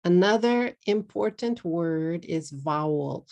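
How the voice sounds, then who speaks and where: Woman, Texan accent, middle-aged, English teacher, slow and careful, repeats words, low gravelly voice. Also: a little mellow. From Texas. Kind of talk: English pronunciation lesson for Japanese learners.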